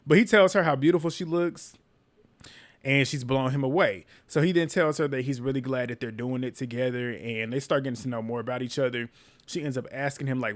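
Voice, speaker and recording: A man giving a casual recap of a reality show episode, opinionated and sarcastic, with frequent laughing asides. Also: mid-range voice. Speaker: recap host.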